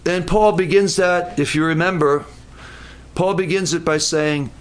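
A high-voiced man preaching, animated as he retells a scripture story. He breaks off for jokey asides and often stumbles into restarts. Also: unhurried. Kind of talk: sermon.

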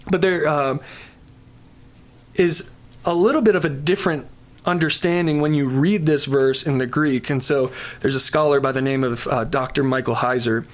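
A man preaching a sermon in a church service, emphatic and building to exhortation before moving into prayer. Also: fairly high pitch. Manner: slips into prayer. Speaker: pastor.

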